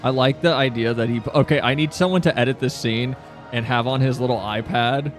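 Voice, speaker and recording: A man's voice: mid-range voice, steady tone, a little fast, faint music behind. A man streaming a game, reacting casually, joking, laughing and swearing.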